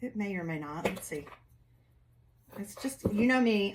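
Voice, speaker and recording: A woman's voice: mid-range voice, expressive, unhurried, noisy background. A woman hosts a casual craft tutorial. She talks to her viewers in a chatty, folksy way. She keeps working with her hands as she goes. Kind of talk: casual step-by-step craft demo.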